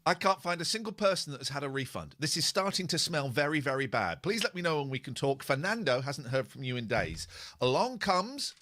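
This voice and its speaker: A man hosts a casual podcast and tells a story with lots of energy. His voice is bright and fairly high, and his pitch jumps around a lot. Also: a little fast. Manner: animated storyteller, reads messages aloud. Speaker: podcast host. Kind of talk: casual chat, telling a story.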